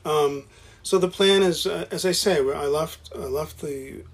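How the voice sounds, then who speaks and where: A man's voice: fairly high pitch, unhurried, slightly rough. A man talking casually about founding a college, stopping and restarting often, repeating words as he goes. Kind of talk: casual conversation.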